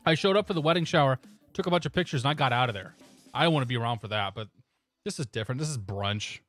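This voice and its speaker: A man's voice: mid-range voice, lively intonation, fast, fairly bright tone, no room sound, faint music behind. A man chatting casually on a live stream, laughing often and talking through his cockpit steps. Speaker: flight sim streamer.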